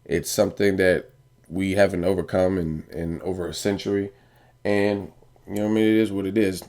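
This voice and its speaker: Low, dark-toned man, blunt and profane, casual vlog rant. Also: steady tone, moderate pace. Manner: blunt, profane, repeats "you know what I mean". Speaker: boxing vlogger.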